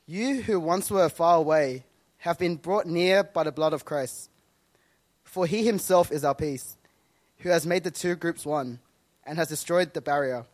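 A man reading a scripture passage aloud in a measured, formal way. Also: a little high, no echo. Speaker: scripture reader.

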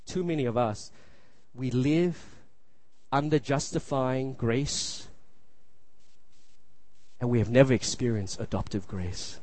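A man's voice: medium pitch, unhurried, pauses often, dry recording. A man in his thirties preaching a sermon, earnest and repetitive, often asking his listeners "you see?". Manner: earnest, repeats phrases, asks the room "you see?". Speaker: pastor.

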